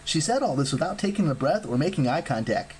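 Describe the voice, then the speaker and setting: An audiobook reader narrating a fantasy novel aloud in an expressive style. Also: mid-range voice, fast, slight background noise, low-quality recording. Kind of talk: scripted narration.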